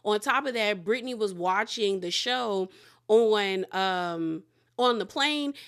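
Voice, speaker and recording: A woman recapping reality TV episodes in casual commentary, telling the story with animated energy and frequent laughter. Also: medium pitch, slow pace, clear, resonant tone. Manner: acts out quotes in exaggerated voices.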